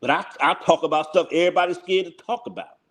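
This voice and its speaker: A man's voice: high voice, quick pace. A man hosting his own channel, giving blunt, heated live reaction commentary that repeats its points and breaks into laughter. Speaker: channel host.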